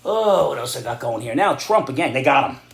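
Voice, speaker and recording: A middle-aged man rants in a blunt, sarcastic monologue, his pitch swinging widely from low grumbles to sharp, loud jabs. He speaks in an echoey room. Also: expressive, brisk, creaky. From New York area. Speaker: vlogger giving opinions and advice. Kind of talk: ranting opinion monologue.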